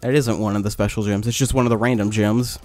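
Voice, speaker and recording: A man giving casual let's-play commentary, complaining, swearing and getting excited as he plays. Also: lowish voice, fast talker, faint music behind. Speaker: gaming video host.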